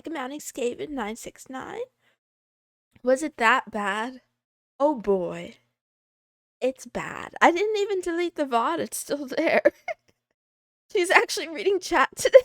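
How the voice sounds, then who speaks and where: A woman's voice: high voice, gravelly, fairly bright tone, dry recording, studio quality. A woman streaming live, greeting viewers by name and chatting casually with frequent giggles. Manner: giggly, playful, reads chat names aloud. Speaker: VTuber streamer.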